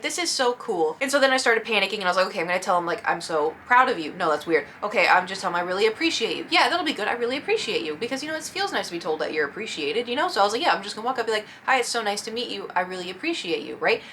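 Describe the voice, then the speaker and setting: Young woman vlogger, quick and bright, rambling and self-mocking, faint room hum. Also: medium pitch. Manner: rambling, self-deprecating, acts out her own reactions. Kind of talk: casual storytelling vlog.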